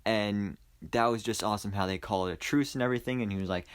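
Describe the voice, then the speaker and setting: A man's voice: on the low side, fast. A young man giving a casual, enthusiastic movie review, rambling with lots of fillers and restarts. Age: young adult. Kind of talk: casual spoiler review monologue.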